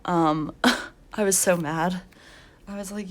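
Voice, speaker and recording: A woman's voice: lowish voice, steady tone, slow. A young woman hosting a coloring channel, chatting casually and telling work stories with lots of laughs and fillers. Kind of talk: casual chat while coloring.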